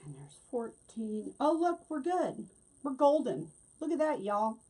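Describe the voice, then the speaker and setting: A woman's voice: on the high side, big pitch swings, takes it slowly, darkish tone, slightly rough. A middle-aged woman hosting a casual craft tutorial, chatting and laughing as she works. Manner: chatty, laughs often, talks while working. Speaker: wreath-making host.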